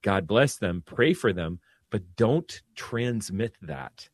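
Priest co-host, deep-ish and steady, calm soothing delivery, dry close studio sound. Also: male voice, slow, slightly rough, no room sound. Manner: calm, drops his voice low to soothe. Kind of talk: casual radio talk.

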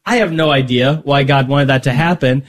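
A man's voice: mid-range voice, normal speed. A man talking casually as a guest about his faith, often restarting sentences and acting out little conversations. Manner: rambling, restarts often, acts out dialogue. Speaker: podcast guest.

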